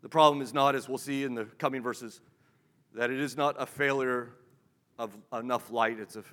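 Bright-voiced male pastor preaching in a hall. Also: mid-range voice, steady tone, normal speed. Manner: conversational preaching with rhetorical questions and dramatic drops to a hush. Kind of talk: sermon. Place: church sanctuary. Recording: long reverb of a large hall.

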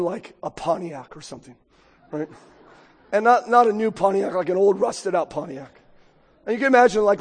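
High-voiced husky man preaching. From United States. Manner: conversational, joking, keeps asking the crowd "right?". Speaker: pastor. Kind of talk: sermon. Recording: long hall reverb.

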